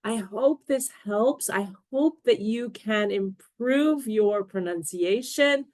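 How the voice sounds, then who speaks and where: Slow careful lady teaching english sounds, says each word pair real clear, dry mic. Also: mid-range voice, darkish tone, no room sound. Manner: deliberate, models word pairs clearly. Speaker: pronunciation teacher. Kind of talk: slow scripted pronunciation lesson.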